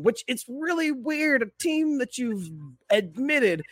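A man co-hosting a podcast, chatting casually about football, animated and profane, laughing often. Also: extremely high pitch, slow, no echo. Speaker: podcast co-host. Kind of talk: casual sports chat.

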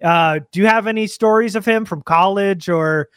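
A man's voice: high-pitched, normal speed, fairly bright tone, smooth, dry recording, clean studio sound. A man co-hosting a casual interview, eagerly asking chatty follow-up questions like a fan. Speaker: podcast co-host.

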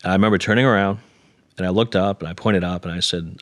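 Deep-voiced man telling his story. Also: steady tone, fast, no room sound, clean studio sound. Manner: earnest, self-deprecating, quotes others in dialogue. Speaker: interview guest. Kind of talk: conversational storytelling.

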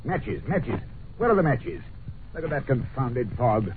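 An actor playing an irritable, brilliant detective in a 1940s radio drama, talking in a testy, clipped, scornful way. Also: male voice, mid-range voice, sing-song, measured pace, faint music behind. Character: irritable, brilliant male detective, middle-aged. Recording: scratchy lo-fi old radio broadcast.

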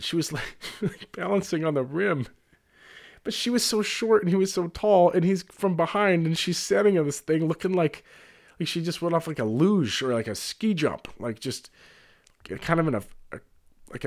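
A man at an ordinary middle pitch spins a loose, winding anecdote from his bartending days. His delivery is animated and digressive, and he breaks into laughter between phrases. It sounds like casual, unscripted storytelling.

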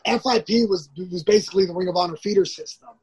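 A man's voice: high voice, quick pace, a little mellow, husky. A man, a professional wrestler as a guest, telling stories casually. He rambles, restarts often and acts out the lines of others. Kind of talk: casual storytelling.

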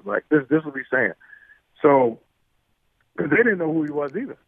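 A man's voice: on the high side, fairly quick, long pauses, slightly rough, dry recording. New man telling stories down a tinny line. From New York. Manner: animated, acts out quoted exchanges, many fillers and restarts. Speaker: guest. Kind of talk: casual storytelling. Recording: tinny phone-like line, dry.

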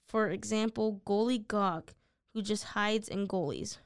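A woman's voice: mid-range voice, a little slow, clear, resonant tone, no room sound. A woman co-hosting a podcast, reading facts from notes and answering with dry, blunt quips. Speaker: podcast co-host. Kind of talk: casual chat, reading notes.

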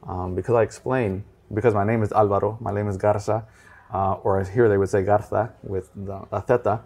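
A man's voice: fairly low pitch, steady tone, brisk, a little mellow. A man from Texas with a Texan American accent, a podcast guest chatting casually and joking with many fillers.

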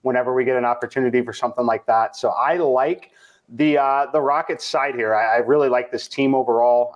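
A man on a sports betting panel, laying out his analysis in a measured way with hesitant restarts. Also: mid-range voice, dull audio. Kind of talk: casual panel chat.

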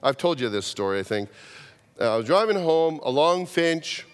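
Pastor preaching in an echoing church hall. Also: male voice, fairly high pitch, moderate pace, clear, resonant tone. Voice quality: animated storyteller, repeats words, acts out quoted voices. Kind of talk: sermon. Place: church sanctuary. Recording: long reverb of a church hall.

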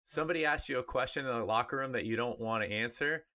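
Animated ex-player man, bright voice. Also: medium pitch, quick pace. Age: middle-aged. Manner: animated, emphatic, mimics others in funny voices. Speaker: podcast co-host, former pro player. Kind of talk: casual sports talk.

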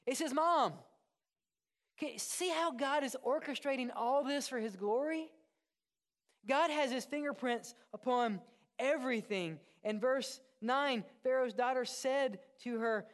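A man, a pastor, preaching a sermon in an animated way, moving from loud, excited asides to hushed, earnest passages. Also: very high-pitched, measured pace.

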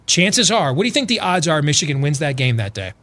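A man co-hosting a political talk radio show, telling a story with acted-out quotes and building to loud, emphatic points. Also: fairly high pitch, big pitch swings, quick pace.

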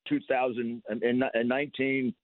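An older man, a guest in a casual radio interview, telling stories with animated repetition and laughs. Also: mid-range voice, normal speed, dry recording. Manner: animated storytelling, repeats words, laughs. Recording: thin phone-line sound.

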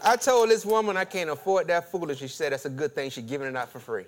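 A preacher with a somewhat high voice tells a story from the pulpit, laughing often and stumbling over his words. He talks in an animated, lively way and then settles into a calm sermon. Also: fast talker. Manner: animated, laughing, stammering restarts. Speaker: pastor.

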